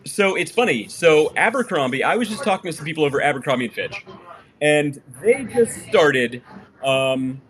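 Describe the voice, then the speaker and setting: A man's voice: on the high side, very animated, normal speed, a bit bright. A man co-hosting a business podcast in casual chat, talking loosely with lots of fillers and restarts. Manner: chatty, full of fillers and restarts. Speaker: podcast co-host.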